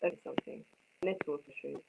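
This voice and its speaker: A woman leads a screenwriting lesson with an emphatic, repetitive delivery. She keeps asking her students if they follow. Her voice sits a little low for a woman. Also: fairly quick, gravelly, noisy background. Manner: emphatic, repeats points, asks students if they understand. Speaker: screenwriting teacher. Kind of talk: live online class.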